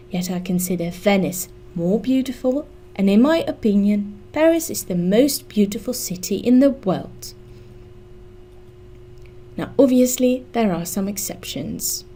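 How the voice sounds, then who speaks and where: A woman teaching an English grammar lesson, explaining slowly and deliberately and spelling out letters. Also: mid-range voice, mellow, slight background noise.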